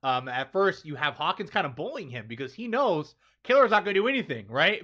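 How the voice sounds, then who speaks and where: A man hosting a casual manga chapter review, excitable and chatty, tagging on "right?" and "man" as he talks. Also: on the high side, brisk, few pauses. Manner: excitable, keeps asking "right?" and saying "man".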